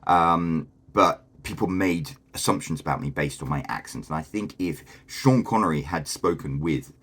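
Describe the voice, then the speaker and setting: A man's voice: rumbling low, moderate pace, a bit bright. A man from Britain with a posh English accent, chatting enthusiastically as a video host. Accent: posh southern English. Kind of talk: casual talking-head commentary.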